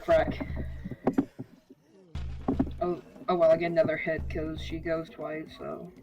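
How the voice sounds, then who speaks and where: A woman's voice: low-pitched, little pitch movement, slow pace, lo-fi sound, over music. A woman player in a tabletop game, talking in a casual, chatty way. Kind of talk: casual tabletop role-play.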